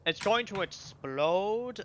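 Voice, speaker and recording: A man's voice: sits high, lively intonation, takes it slowly, fairly bright tone. A man playing in a tabletop game, trading dry jokes in casual banter. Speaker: player.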